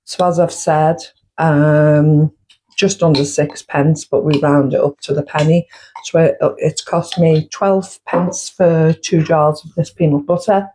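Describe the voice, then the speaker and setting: A woman hosts a casual baking vlog from her home kitchen, speaking in a fairly low voice at an unhurried pace. She chats her way through each step and tallies up the costs as she goes. A faint background hiss sits under the recording. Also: fairly even intonation, mellow, rough recording. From United Kingdom. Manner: chatty, counts out costs step by step. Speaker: baking vlogger.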